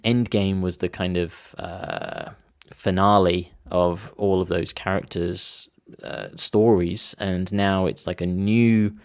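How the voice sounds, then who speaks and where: A man with a notably low voice gives an unscripted English lesson. He talks enthusiastically with plenty of ums and restarts, and stops to spell words out and explain phrases. The recording is dry and close, with no room echo. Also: smooth. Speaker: English teacher.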